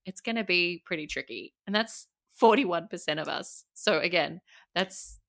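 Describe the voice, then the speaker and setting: Low-voiced Australian woman coach, laughing often. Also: normal speed, gravelly, a bit bright. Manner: chatty, laughs often while explaining. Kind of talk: casual podcast chat.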